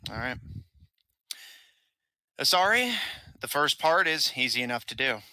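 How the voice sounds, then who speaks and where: A man's voice: medium pitch, sing-song, a little slow, bright, forceful tone, dry recording, low-quality recording. A man narrating a tabletop game as game master, in hesitant narration full of fillers.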